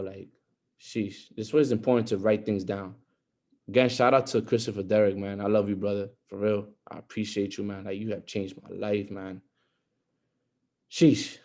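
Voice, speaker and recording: A young man giving an earnest motivational talk on a group call, repeating his points and growing emphatic. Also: fairly low pitch. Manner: earnest, repetitive, rising to emphatic.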